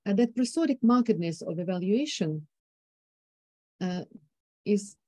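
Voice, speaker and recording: A woman's voice: medium pitch, animated, unhurried, dark tone, no room sound. Woman giving a hesitant conference talk. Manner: hesitant, many fillers and restarts. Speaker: conference speaker. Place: conference hall.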